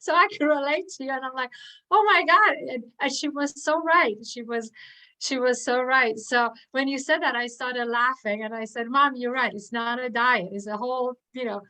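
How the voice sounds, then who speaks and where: A woman on a video call with a bright, forward tone. She speaks earnestly and animatedly at an online event, acting out quoted dialogue as she tells a personal story. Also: on the high side, steady tone, moderate pace, poor audio. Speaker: audience member at an online poetry event.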